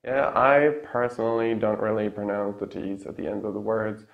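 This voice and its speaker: A man with Czech as his first language teaching English pronunciation in a casual lesson, repeating example words slowly and tagging sentences with "yeah?". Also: lowish voice, vocal fry, phone-quality sound. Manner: tags sentences with a questioning "yeah?".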